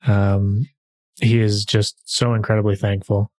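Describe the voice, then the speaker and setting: A podcast host and game master talks a little slowly in a lowish, level, slightly mellow voice. His manner is easygoing, with lots of filler sounds, as he chats casually and narrates a tabletop game.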